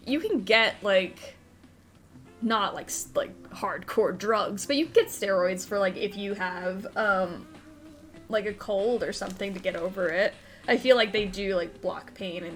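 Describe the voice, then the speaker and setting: A woman hosting a casual let's-play, chatting and giggling through the game with lots of filler words. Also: medium pitch. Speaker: gaming video host.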